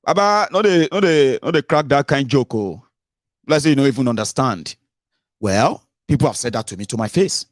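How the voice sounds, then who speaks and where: A middle-aged man with a Nigerian accent, a radio and online show host, gives casual political commentary from his home. He's animated and full of rhetorical questions, slips into pidgin and leaps up in pitch, speaking at a moderate pace. The recording is studio quality with no echo.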